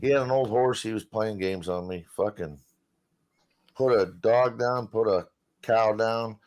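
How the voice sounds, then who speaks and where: A man's voice: lowish voice, measured pace, a little mellow. A man telling a long, rambling, profane story in casual talk on a live stream panel.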